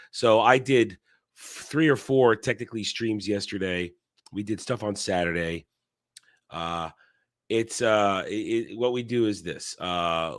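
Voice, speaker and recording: A man's voice: on the low side, no echo, studio quality. Sick-sounding man hosting a stream. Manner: rambling, with restarts and coughing. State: sick, strained voice. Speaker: host. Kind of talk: casual live-stream chat.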